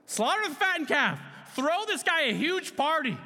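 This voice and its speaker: A preacher puts on a father beside himself with joy, his voice jumping high and bright as he rattles off orders. The words ring out with a long hall echo behind them. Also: heavily acted. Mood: overjoyed. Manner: excited, hurried, calling out orders. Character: overjoyed father, brushing aside apologies.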